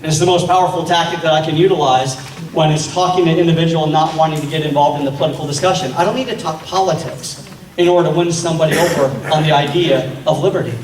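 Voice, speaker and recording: Man yelling a rally speech in an echoey hall, picked up from far off, faint crowd noise. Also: fairly high pitch, fairly even intonation, fast. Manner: rousing, shouting, rhetorical questions to crowd. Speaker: political speaker. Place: meeting hall.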